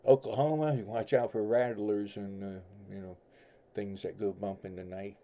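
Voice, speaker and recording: Hosting a tarot livestream from his home, a middle-aged man whose accent blends New York and the American South rambles folksily in casual chat with viewers. He has a lowish, warm, steady voice at a moderate pace, with slight background noise.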